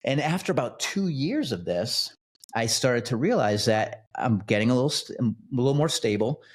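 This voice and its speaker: A man's voice: mid-range voice, animated, moderate pace. A man, a podcast guest who founded a nonprofit, telling his personal story in a casual, rambling way, often restarting and repeating words.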